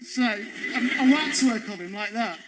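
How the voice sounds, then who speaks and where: Excitable high-voiced comic. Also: male voice, normal speed, noisy background. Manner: excitable, acts out the voices in his stories. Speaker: stand-up comedian. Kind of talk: stand-up storytelling. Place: studio stage before a live audience.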